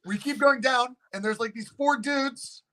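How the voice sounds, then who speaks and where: Animated, swearing man telling a story. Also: very high-pitched, measured pace. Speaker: haunted location owner, guest. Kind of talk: casual storytelling.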